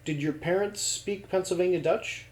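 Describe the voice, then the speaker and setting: Family interviewer, mellow tone, easygoing questions, echoey room. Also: mid-range voice, normal speed. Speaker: interviewer, a grandchild. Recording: roomy echo.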